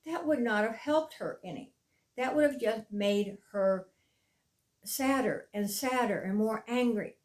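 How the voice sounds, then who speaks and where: A middle-aged woman giving an earnest motivational talk as a mindfulness coach, stressing key phrases slowly. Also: a little high. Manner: earnest, emphatic, with slow deliberate stresses.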